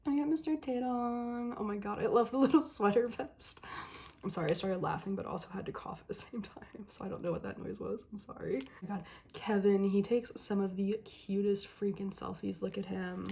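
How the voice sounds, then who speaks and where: A young woman chatting casually through an unboxing, gushing and excitable, and losing her voice. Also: mid-range voice, a little fast, gravelly. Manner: gushing, excitable, lots of ums and laughs. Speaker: vlogger.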